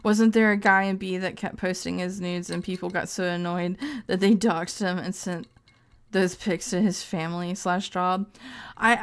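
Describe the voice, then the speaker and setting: A woman's voice: medium pitch, a bit bright, clear, resonant tone. A woman streamer reading text aloud in casual live-stream commentary, breaking off into crude, joking asides and frequent laughs. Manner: laughs often.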